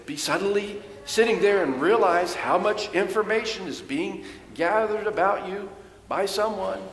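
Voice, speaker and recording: A man, a pastor, preaching a sermon in a church and telling a story, lively when he quotes others. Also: high voice, normal speed, slight background noise. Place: church sanctuary. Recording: echoey church hall with long reverb.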